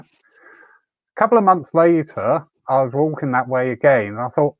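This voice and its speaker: A man's voice: on the high side, big pitch swings, moderate pace, no room sound. Man hosting an online church night, chatty storyteller, sounds thin like over a phone. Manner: chatty and anecdotal, laughs easily. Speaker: host of a church evening. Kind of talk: hosting and telling a personal story. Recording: tinny, phone-like call audio.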